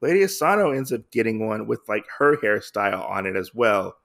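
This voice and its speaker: Gravelly podcast guy rambling through a comic recap, lots of you-knows. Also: on the low side, sing-song, a little fast, fairly bright tone. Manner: rambling, filler-heavy retelling. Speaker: podcast host.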